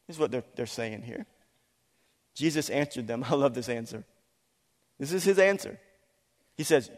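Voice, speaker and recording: A man preaching a sermon as a pastor, animated and acting out voices when he quotes people, laughing now and then. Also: medium pitch, brisk, pauses often. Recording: long hall reverb.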